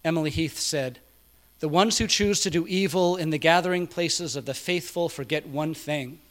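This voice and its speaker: A man preaching a sermon, quoting others quietly and building to loud, emphatic peaks. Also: a little high, normal speed. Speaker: pastor.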